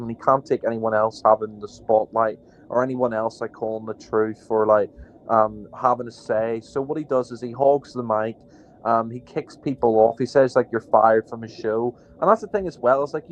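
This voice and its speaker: A man's voice: medium pitch, highs cut off, slight background noise. A man co-hosting a podcast, indignant and rambling, with many fillers. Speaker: podcast co-host. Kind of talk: heated podcast rant.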